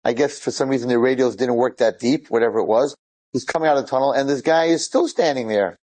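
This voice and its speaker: A fast-talking man with a medium-pitched voice retells dramatic stories to an audience, animatedly acting out the dialogue and often breaking off into asides. The audio quality is poor.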